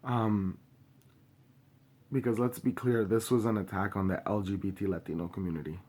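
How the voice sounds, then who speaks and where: Grieving, impassioned young man, low voice. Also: fairly even intonation, darkish tone. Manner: impassioned, halting with many pauses and fillers; swears openly. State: grieving and angry. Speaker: vlogger. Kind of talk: personal video statement.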